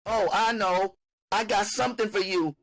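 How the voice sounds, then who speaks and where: A man voicing a strung-out middle-aged mother who begs and teases in a high, sing-song voice. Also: steady tone, normal speed, a bit bright. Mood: wheedling.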